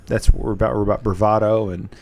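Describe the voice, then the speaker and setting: A man's voice: on the low side, little pitch movement, fast, a little mellow, a little hiss or hum. A man co-hosting a podcast in easygoing casual chat. He jokes a lot and rambles, restarting his sentences often. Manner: joking, rambling with repeated restarts. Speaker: podcast co-host.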